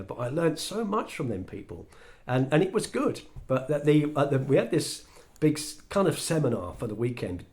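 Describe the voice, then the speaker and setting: Englishman telling a lively story. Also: mid-range voice. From England. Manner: animated, acts out quoted dialogue. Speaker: speaker sharing his story. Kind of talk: storytelling monologue.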